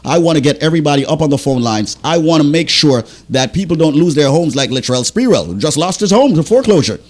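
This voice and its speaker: A man on a studio microphone hosts a radio show in a high, swooping voice, and his pitch leaps as he pleads with the audience. He sounds agitated and pumped up, stumbling over his words as he pushes them to act. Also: very animated, fast talker. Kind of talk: impassioned radio sales talk.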